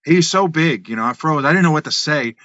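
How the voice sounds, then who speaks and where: Fifties man, animated storyteller with a tense, bright voice in a dry booth. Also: on the high side, brisk, no room sound. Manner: animated storyteller, acts out voices, laughs, swears. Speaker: podcast guest, wrestler and musician. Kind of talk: casual storytelling. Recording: dull, slightly lo-fi, dry.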